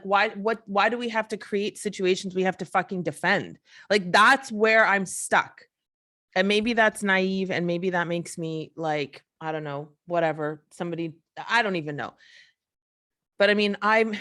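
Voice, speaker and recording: An impassioned woman hosting her own show talks alone at length. She swears often, trips over her words, and keeps circling back to heartfelt rhetorical questions. Her voice sits at a middle pitch for a woman. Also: pushed and bright. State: emotional. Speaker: podcast host. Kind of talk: emotional solo monologue.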